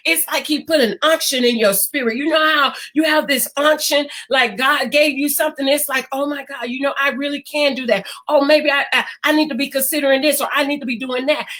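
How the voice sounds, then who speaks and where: Woman preacher with a high voice, passionate and repetitive, building to shouts. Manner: impassioned, repetitive preaching with slow emphatic quotes and some shouting. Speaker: prophetess. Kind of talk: prophetic sermon delivered live online.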